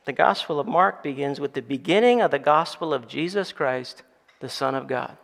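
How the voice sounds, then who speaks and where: A pastor with a fairly high, gravelly, slightly bright voice preaches a sermon at ordinary speed, building toward emphatic call-and-response with his congregation. He is in a church sanctuary, and the recording carries the long reverb of a church hall.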